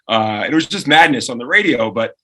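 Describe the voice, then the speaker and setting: A man in his forties, a radio co-host telling lively stories as a podcast guest and acting out the people he quotes. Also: medium pitch, a little fast, husky. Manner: animated storyteller who acts out quoted voices. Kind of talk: lively anecdote-telling in conversation.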